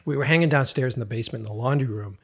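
Husky guy, horror director, telling a story on a podcast, gets animated. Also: medium pitch, very fast. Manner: animated storyteller, laughs through the funny parts. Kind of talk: casual storytelling in a podcast chat.

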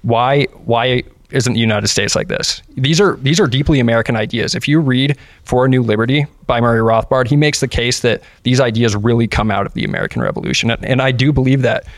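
A man's voice: mid-range voice, expressive, brisk, hardly any pauses, no room sound. Earnest man talking on a podcast. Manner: earnest, hesitant restarts. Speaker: podcast guest, libertarian activist. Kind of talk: casual podcast discussion.

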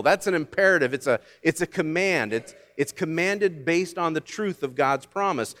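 A man preaching a sermon as pastor, swinging from loud commands down to quiet asides. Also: fairly high pitch, animated, moderate pace, few pauses.

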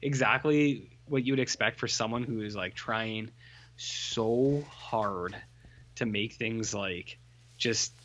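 A man's voice: on the low side, slow, a bit bright, a little hiss or hum. A man co-hosting a podcast in casual chat, rambling and sardonic, full of fillers and restarts. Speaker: podcast co-host.

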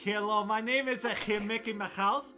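A man's voice: sits high, steady tone, sharp tone, dull audio, faint music behind, voice pushed up. A man doing a Russian-accented Mickey. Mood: goofy. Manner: broken grammar, halting, pompous. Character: Mickey Mouse with a fake Russian accent, male cartoon mouse.

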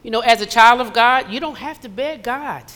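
A woman's voice: on the high side, moderate pace, a bit bright. Woman preaching in a reverberant church. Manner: conversational preaching with acted asides. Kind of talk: sermon. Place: church sanctuary. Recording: long hall reverb.

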